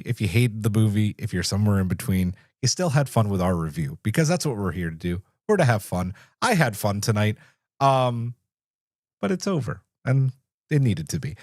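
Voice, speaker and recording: A man's voice: mid-range voice, no room sound. Chatty podcast host guy, voice bouncing all over, dry room. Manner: animated, jokey, chatty. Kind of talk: casual chat.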